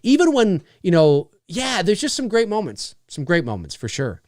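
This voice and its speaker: A man's voice: sits high, wildly swooping pitch, moderate pace, darkish tone, no echo, studio quality. A man hosting a casual live stream, rambling through viewer comments with lots of fillers and frequent laughs. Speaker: live show host.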